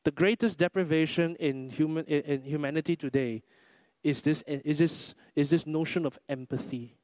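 High-voiced man preaching a lively sermon. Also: moderate pace, no echo. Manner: animated preaching with mimicked quotes. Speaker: pastor. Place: church.

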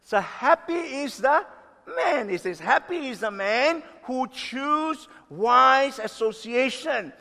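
Man, 60s, pastor, sermon, high pitch, emphatic, loud-soft swings, long hall reverb. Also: expressive, gravelly. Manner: emphatic, stretching key words slowly, swinging between loud and soft.

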